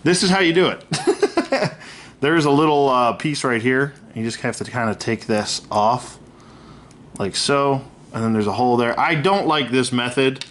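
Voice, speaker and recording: A man's voice: medium pitch, measured pace, a bit bright. A man talks through an action figure review in a loose, unscripted way, voicing his gripes bluntly and cursing without a second thought. His sentences wander, restart and fill up with ums and uhs as he handles the toy. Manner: candid, griping, swears freely; rambling with many fillers and self-corrections.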